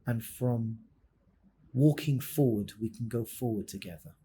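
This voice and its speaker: A man acting out a calm, wise elderly male rebbe in a sermon story, speaking slowly, softly and firmly. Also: mid-range voice, slight background noise, voice pushed down, close to an everyday voice. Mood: gentle. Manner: slow, gentle, firm.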